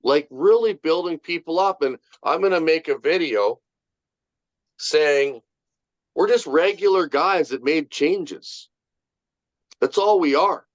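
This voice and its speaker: A man's voice: a little high, takes it slowly, pauses often, no room sound. A man leading a casual motivational group talk, emphatic, swearing freely and repeating his points. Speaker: group leader. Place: online video meeting. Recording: muffled dry video call recording.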